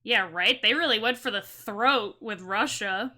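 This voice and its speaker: A woman streamer with a high voice and a very bright, sharp tone. She gives sarcastic live commentary, reading game options and viewer messages aloud as she plays. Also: measured pace.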